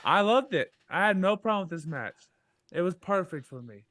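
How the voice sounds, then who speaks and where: A man co-hosting a casual podcast, telling jokey stories with animated asides. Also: high voice, moderate pace, no echo. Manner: joking, animated storytelling about drinking. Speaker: podcast co-host. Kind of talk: casual chat.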